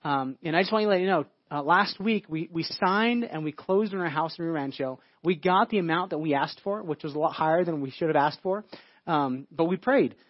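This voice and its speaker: Fast-talking male pastor telling stories. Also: fairly high pitch, no room sound. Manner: storytelling, repeats words and restarts often. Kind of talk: sermon. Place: church. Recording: dull lo-fi sound.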